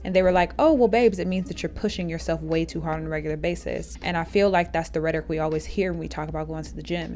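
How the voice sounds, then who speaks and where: A woman's voice: fairly low pitch, darkish tone. A young woman vlogging in a casual, candid way, talking through her day and her feelings. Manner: chatty and candid, drifting into teary, laughing asides. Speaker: lifestyle vlogger. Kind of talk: casual voiceover and on-camera vlog.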